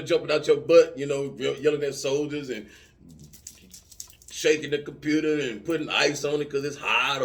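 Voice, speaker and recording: A middle-aged man talking casually, telling lively stories with profanity and acting out yelling soldiers. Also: mid-range voice. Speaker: vlogger answering subscriber comments. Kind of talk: casual chat.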